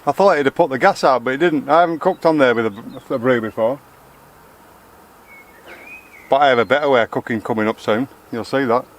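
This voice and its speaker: A man's voice: medium pitch, brisk, pauses often, slight background noise. A man from Lancashire rambling chattily in a casual outdoor vlog, correcting himself as he goes. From Lancashire, England. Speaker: vlogger. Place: outdoors in a garden.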